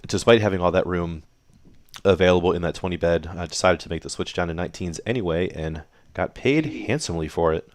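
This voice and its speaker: Low-voiced playful male darts commentator. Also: quick pace, no echo. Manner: playful, theatrical, jokes about the players. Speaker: darts league commentator and host. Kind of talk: play-by-play sports commentary. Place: home laundry room. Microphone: computer broadcast setup.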